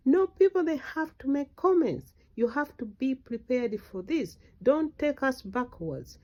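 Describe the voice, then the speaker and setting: A middle-aged woman from Uganda speaks as an activist in a fervent political address. She exhorts her listeners, her voice jumping up into sudden loud, insistent outbursts. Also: medium pitch, muffled recording. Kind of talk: impassioned political speech.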